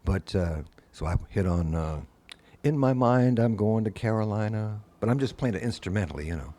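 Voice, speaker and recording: Speaking at a moderate pace in a fairly low voice, an older guest musician shares lengthy stories in relaxed conversation. Whenever he quotes someone, he animates their voice.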